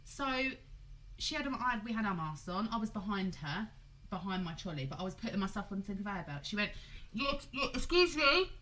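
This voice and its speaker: A woman's voice: mid-range voice, fairly quick, low-quality recording. A woman in her thirties co-hosting a podcast, telling stories with a lot of swearing and laughter. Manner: animated storyteller, swears freely, laughs a lot. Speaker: podcast co-host. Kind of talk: casual chat.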